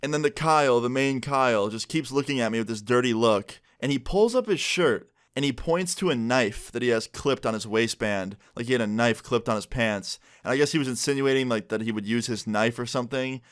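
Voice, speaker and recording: Animated young man telling a story. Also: medium pitch, brisk, hardly any pauses, clear, resonant tone. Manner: animated, joking, swears freely. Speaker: storyteller vlogger. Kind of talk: casual story time.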